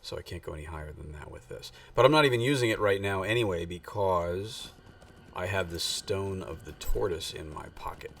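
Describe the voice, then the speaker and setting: A man's voice: low voice, a little fast, fairly bright tone. A man streaming a game, chatting casually and rambling with lots of fillers as he thinks aloud. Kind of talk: casual live-stream gaming chat. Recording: voice distant from the mic.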